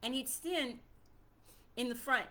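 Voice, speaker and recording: Brief: woman storyteller, slightly high, forceful bright tone, chatty and animated. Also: takes it slowly. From Puerto Rico. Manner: animated, repetitive, conversational storytelling. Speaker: singer telling a childhood story. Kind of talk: personal storytelling monologue.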